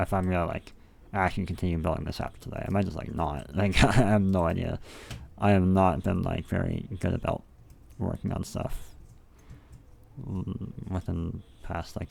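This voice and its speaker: A young man with a low, gravelly voice talks to himself while building a game level, rambling and cursing casually. Faint hiss and keyboard typing sit behind him. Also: a little mellow. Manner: rambling, profane, self-talking. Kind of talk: casual thinking aloud while working.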